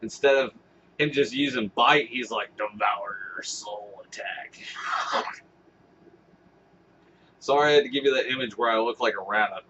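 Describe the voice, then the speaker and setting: Quick and mid-range, this vlogger's pushed, bright voice comes through dull audio with slight background noise. He rambles to camera in casual commentary, cursing and tossing in laughing asides.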